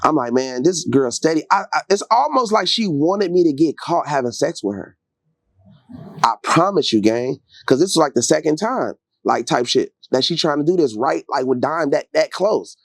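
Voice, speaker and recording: Interview guest, man, animated slangy storyteller who acts out quotes; bouncy intonation, dry close sound. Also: fairly high pitch, normal speed, no echo. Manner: gets loud and heated late in the telling.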